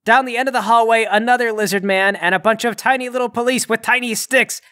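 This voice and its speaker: A man narrating a tabletop role-playing game as game master, with animated, theatrical delivery. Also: very high-pitched, fast talker.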